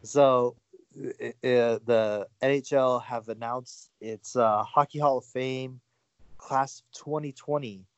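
Dry-sounding, halting podcast host man. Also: mid-range voice, fairly even intonation, clean tone, no room sound, dull audio. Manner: halting, many fillers and restarts. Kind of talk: casual sports chat.

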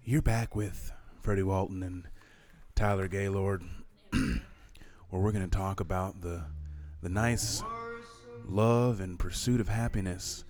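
A man voicing a smooth, laid-back male radio show host with a slow, mellow announcer delivery. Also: sits low, steady tone, voice pushed down.

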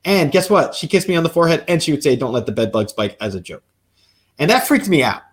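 A man's voice: a little high, fast talker, slightly rough. A man in his forties telling a personal story in conversation, acting out the dialogue as he goes. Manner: animated storyteller who acts out quoted dialogue. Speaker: guest.

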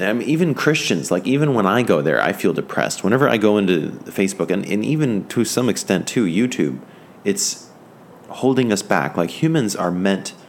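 A low-voiced man teaches an informal Bible lesson with fervent enthusiasm, rambling and stopping and restarting, full of fillers. A slight hiss or hum is in the recording.

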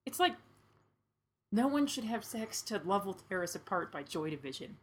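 A woman's voice: mid-range voice, sing-song, moderate pace, breathy edge. A woman co-hosting a podcast in casual banter, dry, sarcastic and opinionated. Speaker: podcast co-host.

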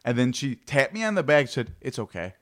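A man's voice: medium pitch, animated, fairly quick, a bit bright. A young man co-hosting a podcast, telling rambling stories full of swearing. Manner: rambling storytelling, heavy swearing. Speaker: podcast co-host. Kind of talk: casual profane chat.

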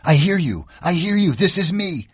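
A man's voice: mid-range voice, moderate pace, darkish tone, dry recording, clean studio sound, close to an everyday voice. A man voicing a terrified thirteen-year-old boy stranded in a plane, pleading for help in an audiobook. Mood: desperate. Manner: pleading, voice cracking with panic. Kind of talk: audiobook character voice.

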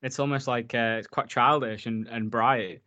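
A man's voice: mid-range voice, steady tone, normal speed, bright, forceful tone, lo-fi sound. A man co-hosting a podcast in casual chat. He swears often and fills his talk with "like.". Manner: chatty, swears often, filler-heavy. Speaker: podcast co-host reviewing a film.

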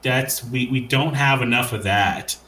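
A man's voice: medium pitch, unhurried, pushed and bright, echoey room, rough recording. A man hosting a casual conversation, enthusiastic and rambling, with frequent hesitations.

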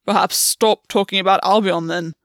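A woman's voice: lowish voice, steady tone, normal speed, vocal fry, breathy edge, no room sound, clean studio sound. A woman voicing a proud, wounded male fae warrior who answers in strained, clipped lines, from a reader of fan fiction.

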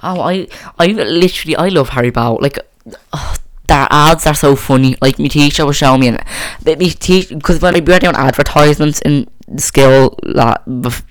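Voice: mid-range voice, normal speed. Rambling, chatty teen podcast host. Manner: rambling, chatty, many restarts. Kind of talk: casual chat. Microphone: boom mic on a stand.

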